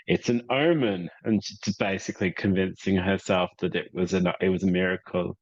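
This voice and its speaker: A man playing a tabletop game, narrating his character slowly and thoughtfully. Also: sits low, steady tone, no echo. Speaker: player. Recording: slightly muffled lo-fi mic.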